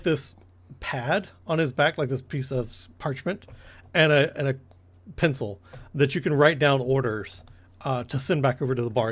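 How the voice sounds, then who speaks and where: A man narrating a tabletop game as game master, rambling with many fillers and restarts. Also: medium pitch.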